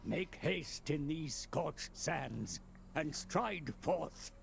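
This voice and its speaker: A man's voice: a little high, animated, creaky, a little hiss or hum, heavily acted. An actor playing a solemn, grave male knightly advisor in a video game, speaking in a stately, formal way. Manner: stately, slow, formal speech. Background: soft game music.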